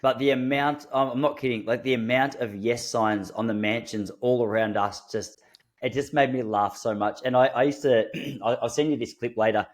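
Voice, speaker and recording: In casual podcast chat, the host tells lively stories, laughing and performing other people's lines in their voices. He talks at a moderate pace with a medium-pitched voice.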